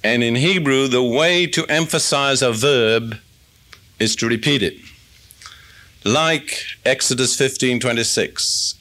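A man preaching an expository sermon in a conversational teaching manner, reading scripture aloud and slowing to stress key words. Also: medium pitch, pushed and bright.

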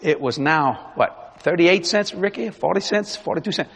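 A man preaching a sermon as pastor, animated, swinging between loud and hushed. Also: high voice, moderate pace, creaky, breathy edge. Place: large church hall. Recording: long reverb of a large hall.

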